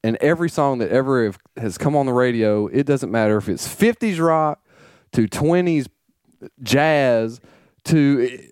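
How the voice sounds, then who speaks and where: A man's voice: medium pitch, measured pace, a little mellow, smooth, no echo, clean studio sound. A man co-hosting a casual chat, teasing his friends and laughing often. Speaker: podcast co-host. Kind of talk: casual banter.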